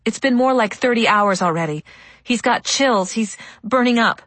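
A woman's voice: mid-range voice, moderate pace, fairly bright tone, breathy edge, dry recording. A woman voicing a frantic young mother who pleads urgently, her voice shaking, in an audiobook. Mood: arguing.

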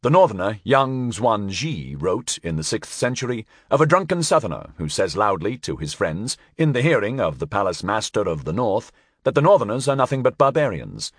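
A man reading a history audiobook aloud as a measured, storytelling narrator. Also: fairly low pitch, very animated, slightly rough, no room sound, studio quality.

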